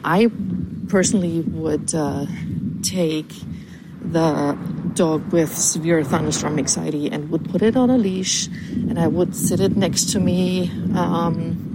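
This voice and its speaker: A woman calling in from California, leaving a slow, measured voicemail full of ums for a podcast. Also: on the low side, noisy background. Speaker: caller.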